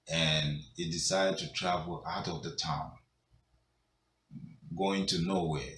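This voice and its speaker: In a very low, unhurried voice, a male storyteller tells a folk tale conversationally, using fillers. The room is echoey, with faint noise behind him.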